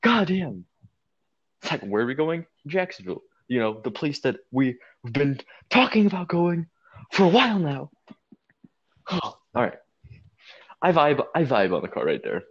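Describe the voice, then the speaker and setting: A man co-hosting a podcast, telling a long story in a casual, animated and profane way. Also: medium pitch, moderate pace, husky, lo-fi sound. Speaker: podcast co-host.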